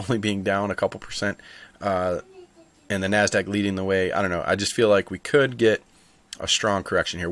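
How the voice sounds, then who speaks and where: A man's voice: lowish voice, fairly bright tone, no room sound. A man hosting a stock market video, chatting casually and thinking aloud with asides. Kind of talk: casual market commentary to camera.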